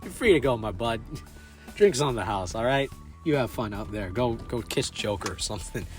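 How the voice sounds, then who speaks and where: A man's voice: mid-range voice, expressive, moderate pace, soft background music, natural voice. A man voicing a careless, joking police officer in a flippant, laid-back tone.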